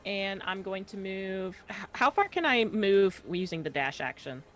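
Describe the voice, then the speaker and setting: Slow, hesitant woman playing a game. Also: medium pitch, animated, a bit bright. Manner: unhurried, hesitant, thinks aloud with many fillers. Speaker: player.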